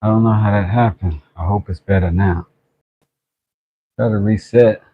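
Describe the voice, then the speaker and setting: A man's voice: fairly low pitch, steady tone, normal speed, husky, narrow, tinny audio. A man hosting a laid-back livestream, chatting and greeting viewers. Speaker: livestream host. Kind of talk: casual livestream chat.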